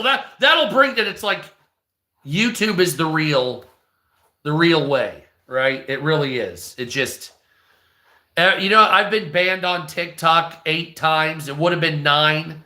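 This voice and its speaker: A man with a hoarse, strained voice, talking bluntly and profanely in a rambling vlog monologue. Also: fairly high pitch, sharp tone, reverberant. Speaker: online video creator. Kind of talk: casual ranting monologue.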